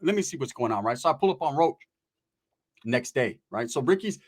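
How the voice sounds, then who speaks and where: A man telling a rambling story in a profane, animated casual way. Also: medium pitch, a little fast.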